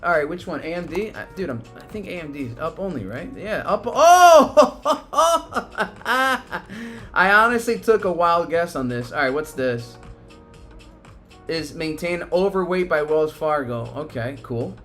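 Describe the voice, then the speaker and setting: A fairly high-voiced man calls a live market stream, excitable and freely cursing, lurching between cheering and panic. He reacts to each price move as it happens. Faint music plays quietly behind him. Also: normal speed. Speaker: stock market livestream host.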